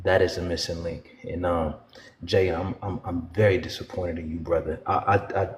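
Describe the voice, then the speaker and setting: A man with a very low voice speaks in a preachy, forceful way as a guest on a live panel. He sounds roomy, with a long echo around him. Faint background noise sits under his voice. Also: fairly even intonation, moderate pace. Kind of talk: heated live panel debate.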